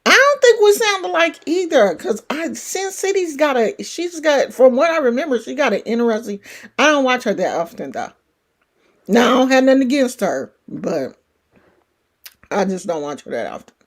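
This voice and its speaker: A woman's voice: high-pitched, very animated, moderate pace. A middle-aged woman with a California country twang, chatting casually and rambling as a livestream host. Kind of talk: casual chat.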